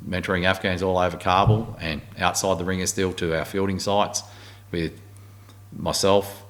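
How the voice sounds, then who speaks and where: Deep-voiced Australian man telling army stories. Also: normal speed. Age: middle-aged. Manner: blunt, swearing, animated storyteller. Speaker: guest, army warrant officer. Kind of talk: casual storytelling interview.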